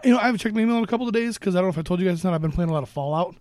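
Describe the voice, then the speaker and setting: A man joining a podcast chat, talking in a rapid, offhand way. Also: sits high, darkish tone. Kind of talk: casual chat.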